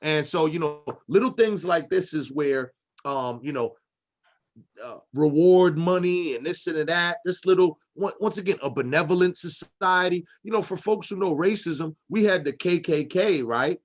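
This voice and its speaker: A man's voice: on the high side, normal speed. A man hosting a casual panel discussion, rambling with many fillers and restarts. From Boston. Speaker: discussion host.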